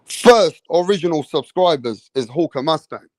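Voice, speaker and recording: A man's fairly high voice, loose and profane, hyping up his chat on a boxing livestream. The sound is dry and close, with little room in it. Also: expressive, normal speed, no room sound. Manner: loose, profane, hypes up chat with shout-outs. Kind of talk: casual livestream chat reading comments.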